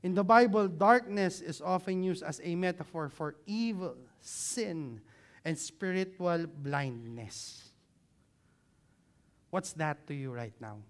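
A man preaching a sermon, engaging the listeners with many questions and growing more animated as he explains. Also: high-pitched, takes it slowly. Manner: grows louder and more animated when explaining.

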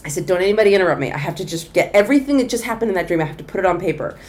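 Talking very fast in a fairly low voice, a middle-aged woman comedian delivers a long anecdote during a conversational interview. She's lively throughout and mimics the voices of the people in her story.

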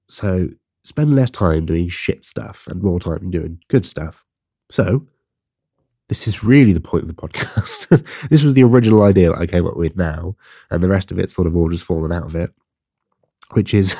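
A man's voice: low voice, dark tone, no echo, studio quality. A young man hosting his own podcast, rambling casually and swearing. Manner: chatty and swearing, with rambling asides. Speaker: podcast host. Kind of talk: casual solo podcast monologue.

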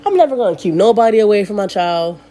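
A woman's voice: mid-range voice, quick pace. A woman in her thirties, a podcast host, telling a story as a casual, rambling rant and swearing freely. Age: 30s. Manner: animated, profane, rambling storytelling.

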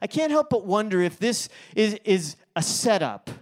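A man's voice: high voice, big pitch swings, moderate pace. A male pastor preaching a sermon, telling a story in a chatty way with fillers and restarts.

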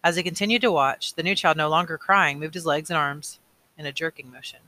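Male audiobook reader, bright slightly high voice, plain and unpolished. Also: a little fast. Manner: plain reading with small slips and self-corrections. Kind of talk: reading a novel aloud.

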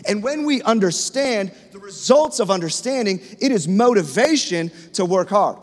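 High-voiced pastor preaching in a reverberant hall. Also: male voice, animated, moderate pace. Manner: conversational, personal storytelling. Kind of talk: sermon. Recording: long reverb of a large hall.

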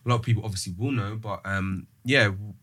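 A man talks slowly through his thoughts in a casual podcast chat, pausing on ums and restarting sentences. His voice sits low and the recording is close and dry, with no room around it. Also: fairly even intonation, a bit bright, husky, no room sound. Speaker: podcast host. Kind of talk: casual discussion.

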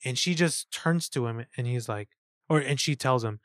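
A man co-hosting a casual film review podcast, excited and profane, acting out lines from scenes. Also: mid-range voice, moderate pace, dry recording, studio quality. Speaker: podcast co-host.

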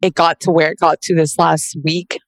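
A woman's voice: sits low, level tone, moderate pace, no room sound. Woman, emotional, near tears, rambling, candid chat, dry close mic. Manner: emotional, rambling, frequent restarts.

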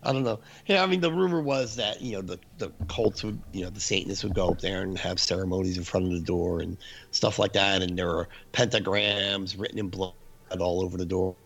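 A man casually telling a spooky story from his youth, animated and laughing, acting out his friends' screams. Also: low voice, fairly quick, vocal fry, muffled recording.

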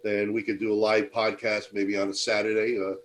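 A man's voice: on the low side, little pitch movement, a little fast, slight background noise. A man hosting a podcast, asking questions in an easygoing, jokey way. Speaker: podcast host. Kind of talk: casual interview chat.

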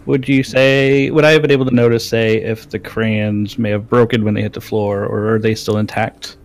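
A man's voice: fairly low pitch, flat delivery, moderate pace, slight background noise. A man playing a tabletop game, asking polite and careful questions. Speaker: player. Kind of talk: casual tabletop play.

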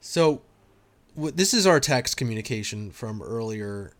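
A man co-hosting a podcast in casual chat, wry and quick to laugh. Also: mid-range voice, animated, no room sound. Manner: wry, laughs often, loose joking tone. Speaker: podcast co-host.

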